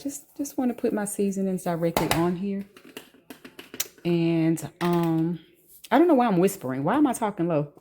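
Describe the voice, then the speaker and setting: A woman with a slightly low voice talks her viewers through a recipe in a home kitchen. She is chatty and relaxed, with slangy asides, recorded on her phone. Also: a little fast. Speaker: cooking vlogger. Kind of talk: casual cooking vlog chat. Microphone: phone camera.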